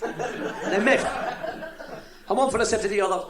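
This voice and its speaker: High-voiced Cork comedian in a noisy room. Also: male voice, moderate pace. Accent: Cork Irish. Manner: puts on high shouting voices for characters in jokes. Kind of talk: live stand-up joke telling. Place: live venue with audience. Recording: echoey live venue with laughing crowd, worn tape copy.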